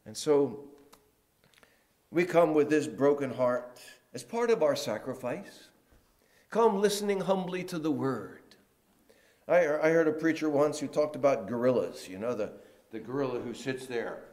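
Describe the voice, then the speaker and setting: A man preaching a sermon in a church, moving between loud emphatic lines and quiet, hushed ones. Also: mid-range voice, unhurried. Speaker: pastor.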